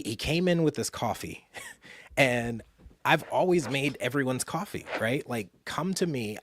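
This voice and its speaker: A man telling a personal story in an animated way, dropping to a hush and jumping up loud when he acts out what others said. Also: lowish voice, no echo. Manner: animated, jumps from hushed to loud mimicry. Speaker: speaker and author.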